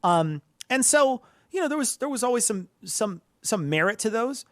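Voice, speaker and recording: A man from Northern Illinois talks casually as a podcast co-host. His delivery rambles and restarts, with a pitch that leaps up and down as he gets worked up. The sound is dry and close to the mic. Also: normal speed, dry recording. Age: adult, past college. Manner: animated, rambling with many restarts and swearing. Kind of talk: casual chat.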